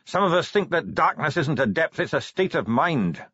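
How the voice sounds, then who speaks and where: A man's voice: on the high side, big pitch swings, moderate pace, pushed and bright, dry recording, dull audio, voice pushed up, exaggerated voice. A man putting on a cheerful, shrewd dwarf. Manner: cheerful and smoothly diplomatic.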